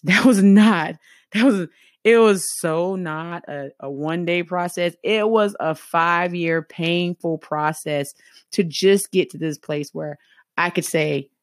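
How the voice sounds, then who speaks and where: A middle-aged woman from the American South speaks with a Southern accent and a fairly low voice. She talks in an earnest, conversational way, acting out her own inner thoughts as she goes. The recording is close and dry. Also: no room sound. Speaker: motivational speaker. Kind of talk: motivational talk to viewers.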